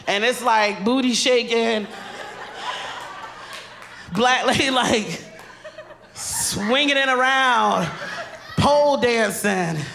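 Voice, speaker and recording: A high-pitched woman comedian performs stand-up on stage into a handheld mic. She's animated and laughs through her punchlines.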